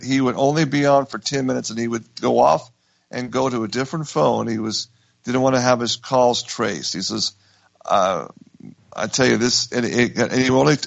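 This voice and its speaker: A man's voice: mid-range voice, gravelly, no echo, dull audio. A man hosting a radio talk show, telling a story with emphatic restarts. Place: radio studio.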